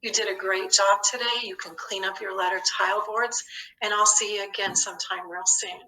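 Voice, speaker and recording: A woman teaching a phonics lesson, speaking slowly and spelling out words letter by letter. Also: medium pitch, fairly even intonation, bright, forceful tone, distant mic, slight background noise. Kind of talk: slow, deliberate phonics lesson. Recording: echoey room, voice a bit off-mic.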